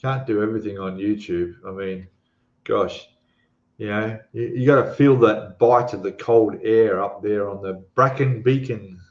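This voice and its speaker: A man's voice: fairly low pitch, measured pace. Chatty Australian man, echoey room. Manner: rambling, chatty, friendly, many fillers and restarts. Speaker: live stream host. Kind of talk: casual live stream chat reading comments. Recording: echoey room, dull lo-fi sound.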